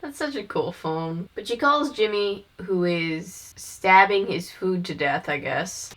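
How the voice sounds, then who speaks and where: A woman's voice: lowish voice, animated, slow pace, a bit bright. A young woman hosting a casual film review, chatty and wry, often laughing. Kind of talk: casual commentary.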